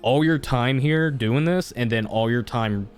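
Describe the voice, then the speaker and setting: A man's voice: medium pitch, measured pace, faint music behind. A young man running a tabletop game as game master, talking casually with many fillers and restarts.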